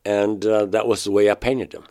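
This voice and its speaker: In an interview, a male painter describes an odd thing that happened to him, stopping and starting over partway through phrases. His voice is fairly low, level and somewhat dark, but it jumps up sharply whenever he quotes himself.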